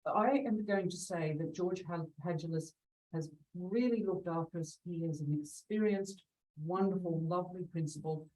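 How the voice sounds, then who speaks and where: A woman's voice: on the low side, normal speed, dark tone. A middle-aged woman telling stories as an interview guest, chatty and laughing often, voicing the people she quotes. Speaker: real estate agent guest. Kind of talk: conversational interview. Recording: distant from the mic.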